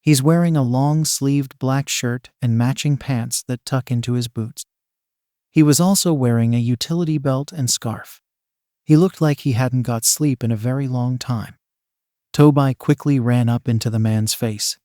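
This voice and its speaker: A man narrates a fan fiction story in a plain, even voice at a mid-range pitch, reading a little slowly. The recording is dry and close to the microphone.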